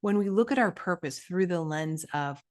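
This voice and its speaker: A woman hosting her own podcast as a coach, teaching in a direct, energetic way with many asides and quick restarts. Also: fairly low pitch.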